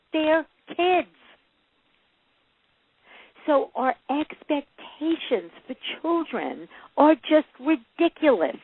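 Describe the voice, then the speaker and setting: A woman's voice: fairly high pitch, dry recording. A woman being interviewed as a parenting coach, telling stories with lots of laughs and acting out the voices of the people in them. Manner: lively storyteller who acts out quoted voices and laughs often. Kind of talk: casual interview chat. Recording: phone-line audio.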